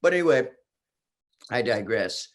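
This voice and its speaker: A man in his sixties, a singer guesting on a podcast, telling excited stories in casual chat and laughing often. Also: medium pitch, unhurried. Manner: excitable storyteller, laughs often, acts out quotes.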